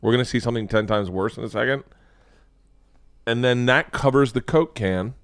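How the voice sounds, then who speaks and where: A man's voice: mid-range voice, moderate pace, clean tone, no room sound. Sarcastic, swearing man host, dry sound. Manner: animated, sarcastic, swears a lot. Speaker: show host. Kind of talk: profane comedic commentary on videos.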